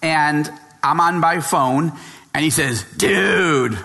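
Guy from upstate new york telling a story, high bright voice, chatty, lots of restarts. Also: slow. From western New York, USA. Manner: animated, chatty, with frequent restarts. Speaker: author. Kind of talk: storytelling speech.

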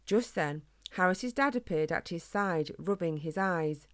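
A woman's voice: lowish voice, measured pace. Woman reading a children's storybook aloud. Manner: expressive, clear read-aloud. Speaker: narrator.

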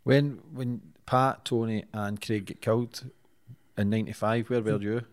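A man's voice: on the low side, steady tone, a little slow, clean tone. A man hosting a podcast, putting short, casual questions and reassurances to his guest. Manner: brief prompts and reassurances. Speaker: podcast host.

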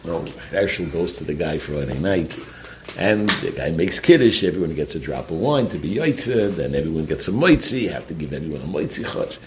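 Low-voiced man giving a lively Torah talk. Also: brisk, a little hiss or hum, low-quality recording. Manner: animated, mixes Yiddish and Hebrew terms. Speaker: Torah teacher.

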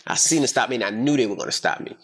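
A middle-aged man hosting a casual podcast chat, telling a story in an emphatic, profane, animated way. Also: mid-range voice, very fast, slightly rough. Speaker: podcast host.

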